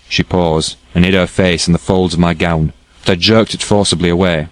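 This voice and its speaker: Deep-voiced man reading an audiobook. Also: steady tone, normal speed, dry recording, low-quality recording. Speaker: audiobook narrator. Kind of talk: scripted narration.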